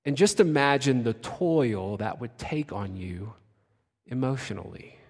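A man preaches slowly and deliberately, his words trailing off into long pauses. His voice drops to near-whispers, then rises to sudden shouts. Long reverb from a big church sanctuary carries every word. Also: mid-range voice, expressive. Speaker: pastor. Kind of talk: sermon. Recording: long reverb of a large hall.

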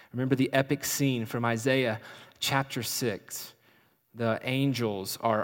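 A man preaching a sermon as a pastor, with a dynamic delivery that swings between loud emphasis and soft, hushed passages. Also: medium pitch. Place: church sanctuary. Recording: long reverb of a large hall.

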